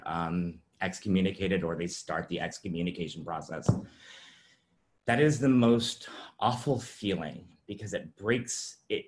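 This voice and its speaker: Deep-voiced man, halting personal testimony. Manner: halting, many fillers and restarts. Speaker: presenter sharing his story. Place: virtual summit presentation.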